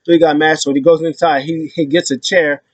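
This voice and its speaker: A man hosting a casual wrestling recap, retelling events in an animated way and acting out the quotes. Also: a little high, fairly quick, no room sound. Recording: dull lo-fi sound.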